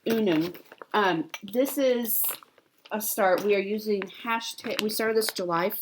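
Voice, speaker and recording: A woman's voice: medium pitch, measured pace, background noise. A woman in her forties chatting casually to viewers as a cross-stitch vlogger, rambling along with fillers and self-corrections. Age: 40s.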